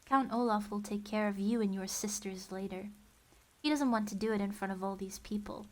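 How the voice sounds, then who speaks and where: A woman's voice: medium pitch, a little fast, darkish tone, lightly acted. A woman voicing a bald male henchman who hisses threats in a whisper, storybook reading. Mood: threatening.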